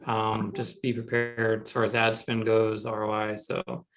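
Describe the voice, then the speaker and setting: A man's voice: on the low side, completely flat delivery, unhurried, music in the background. A man, an agency owner, chatting casually and joking with peers on a video call. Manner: joking, easygoing. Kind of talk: casual roundtable chat.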